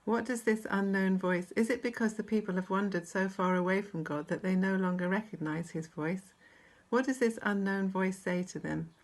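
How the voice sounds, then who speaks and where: A woman with a British accent giving a measured, reflective devotional talk and reading scripture aloud. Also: mid-range voice. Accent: British English. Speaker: church speaker.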